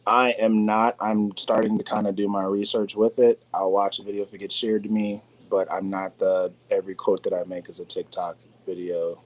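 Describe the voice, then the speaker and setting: A man's voice: lowish voice, flat delivery, normal speed, hardly any pauses. A man co-hosting an internet radio talk show, chatting casually and often stumbling over repeated words. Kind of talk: casual chat.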